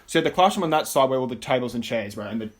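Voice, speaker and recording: A man's voice: medium pitch, very fast. A man co-hosting a casual podcast, telling a school story animatedly and acting out the dialogue between laughs. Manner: animated, acts out quoted dialogue, laughs a lot. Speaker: podcast co-host.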